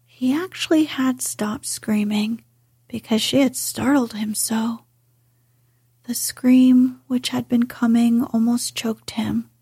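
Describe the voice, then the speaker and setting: A woman reading a classic story aloud in a soft, unhurried whisper. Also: on the high side, steady tone, breathy edge, no room sound, clean studio sound. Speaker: narrator.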